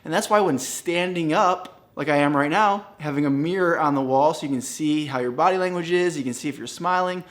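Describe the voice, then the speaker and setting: An upbeat man coaching real estate agents on cold calls, speaking straight to the camera. His voice sits a little high for a man, and he keeps a smiling, energetic delivery while he stands. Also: brisk, hardly any pauses. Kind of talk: direct-to-camera teaching. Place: standing in a room.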